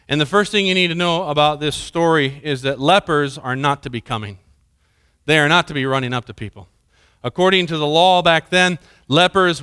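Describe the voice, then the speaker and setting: Bright, clear-voiced male pastor preaching. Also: on the high side. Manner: earnest, conversational preaching with questions to the congregation. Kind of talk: sermon. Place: church sanctuary.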